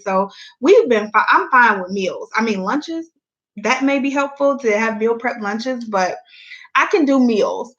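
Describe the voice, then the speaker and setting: A woman's voice: a little high, fairly bright tone, highs cut off. A young woman chatting candidly to her viewers at home, a mom vlogging in casual Southern-style speech. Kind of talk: casual chat.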